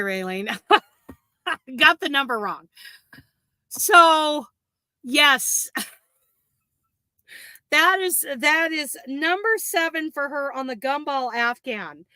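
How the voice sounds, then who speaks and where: A woman's voice: high voice, pushed and bright, dry recording. A woman hosting a crochet livestream, chatting in a rambling, gushing way and laughing often. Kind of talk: casual livestream chat.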